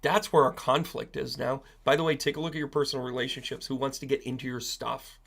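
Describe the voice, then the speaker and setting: A man's voice: mid-range voice, little pitch movement, fast talker, creaky, fairly bright tone. A man hosting a live stream as a psychic medium, talking casually to viewers in a blunt, profane, ranting way. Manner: blunt and profane, given to rants.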